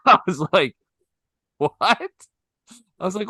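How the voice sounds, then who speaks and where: A man casually telling a story on a podcast, animated and acting out the voices of the people in it. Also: on the high side, moderate pace, long pauses, no echo, studio quality.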